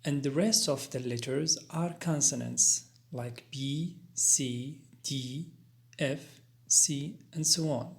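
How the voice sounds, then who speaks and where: A man teaching an English grammar lesson, explaining spelling rules slowly and deliberately, spelling out letters with careful pauses and fillers. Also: mid-range voice, gravelly.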